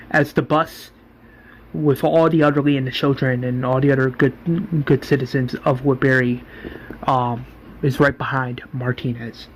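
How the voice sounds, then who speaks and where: A man's voice: mid-range voice, muffled recording, a little hiss or hum. A man casually retelling a story, rambling and often restarting his sentences.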